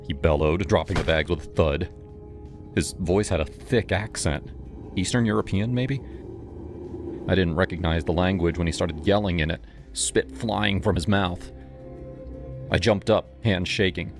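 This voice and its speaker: A man's voice: sits low, moderate pace. A man narrating a first-person horror story in a tense storytelling manner, over background music.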